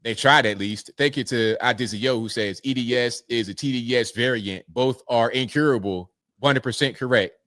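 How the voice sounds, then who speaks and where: A man's voice: medium pitch, moderate pace, few pauses, a bit bright, dry recording, studio quality. A man hosting a casual livestream, thanking viewers one by one and answering their comments in a laid-back way. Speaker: livestream host reading super chats.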